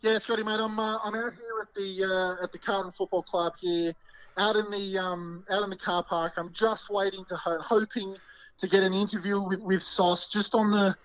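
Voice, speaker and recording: A man's voice: high voice, fairly even intonation, normal speed, fairly bright tone, dry recording, muffled recording. An Australian man doing a comic mock field report, hesitant and full of ums. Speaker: podcast co-host playing a field reporter.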